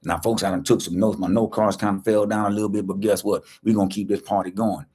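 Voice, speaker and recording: A man's voice: fairly low pitch, level tone, fast, darkish tone, breathy edge. A man speaking as a life coach in a motivational livestream, preaching to viewers, repeating key lines and asking rhetorical questions. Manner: speaks straight to viewers, greeting them by name.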